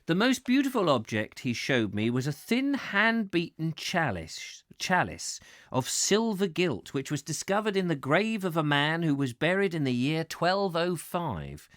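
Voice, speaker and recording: A man's voice: on the high side, very animated, a little slow, fairly bright tone, no echo, clean studio sound. A man hosting a live stream, reading a book aloud and breaking off for playful, rambling asides to his viewers.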